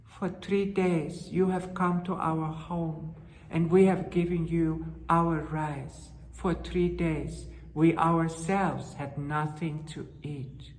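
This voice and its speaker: A woman storyteller voicing a poor, kind brother and sister who speak gently and softly. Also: deep voice, fairly even intonation, slow. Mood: gentle. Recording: roomy hall with long reverb.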